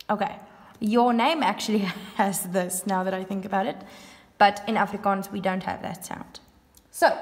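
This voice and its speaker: A woman's voice: medium pitch, in a large hall. A woman teacher, patiently demonstrating and repeating sounds in a recorded lesson.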